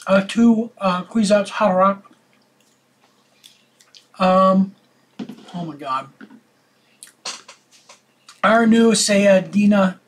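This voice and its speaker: A man's voice: high voice, slightly rough. A man playing a board game in casual chat, teasing dryly and reading cards aloud while chewing popcorn.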